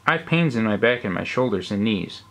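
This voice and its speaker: A man's voice: on the low side, expressive, moderate pace, fairly bright tone. A man reading aloud and voicing a plain, humble little male turtle who politely pleads and groans. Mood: pleading.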